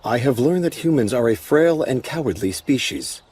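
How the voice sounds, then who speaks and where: An actor voicing a calm, protective ancient male golem lord in an anime dub, speaking in a measured way. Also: medium pitch, breathy edge. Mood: solemn.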